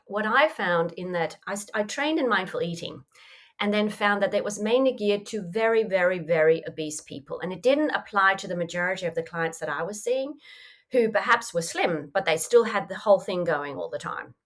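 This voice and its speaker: A woman coach answering interview questions in a reflective, conversational way, often saying "you know". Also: lowish voice. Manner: reflective, acts out inner voices in quotes, frequent "you know". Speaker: mindfulness coach, podcast guest.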